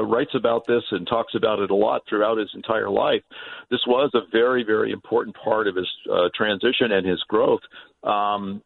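A man's voice: fairly low pitch, gravelly, dry recording. A man calling in as a guest, explaining at length with frequent hesitations. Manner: hesitant, many filler sounds. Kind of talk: interview answers. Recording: tinny phone line.

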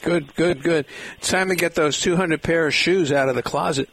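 A man's voice: fairly high pitch, moderate pace, a bit bright, slight background noise. A man hosting a radio interview, chatting and telling old stories. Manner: chatty storyteller. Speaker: radio host.

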